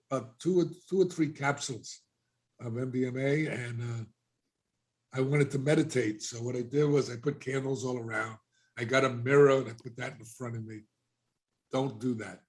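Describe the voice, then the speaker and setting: A middle-aged man recounting his past in a relaxed podcast conversation. He tells it with lively energy, jumping into other people's voices as he quotes them. His voice sits in a mid range. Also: mid-range voice. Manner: animated storyteller, acting out quoted voices. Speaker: guest. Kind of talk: casual storytelling.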